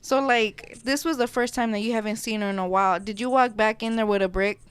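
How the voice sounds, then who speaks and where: Smooth-voiced woman podcast host. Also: a little high, steady tone, brisk, dry recording. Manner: laughing, cursing, teasing. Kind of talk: casual chat.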